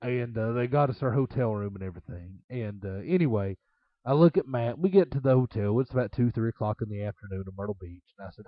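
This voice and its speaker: With a lowish voice and a fast delivery, an ex-wrestler guest spins loose road stories stuffed with fillers and laughter. There's no room sound, and the audio is dull and lo-fi.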